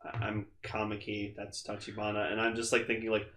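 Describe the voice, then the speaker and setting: A man co-hosting a podcast in casual chat, excited and swearing often. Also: on the low side, a little fast, reverberant. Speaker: podcast co-host.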